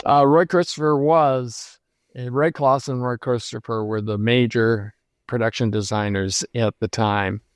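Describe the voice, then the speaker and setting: A man in his seventies, a guest in an interview, telling stories from his career in a reflective, unhurried way with many pauses and restarts. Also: medium pitch, steady tone, clear, resonant tone, dry recording. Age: 70s. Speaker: lighting designer guest. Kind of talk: conversational interview storytelling.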